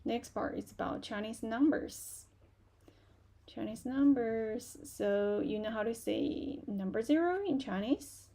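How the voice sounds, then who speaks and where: A woman teaching a live online beginner Chinese class, speaking slowly and patiently and repeating words for learners to copy. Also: a little high, dark tone.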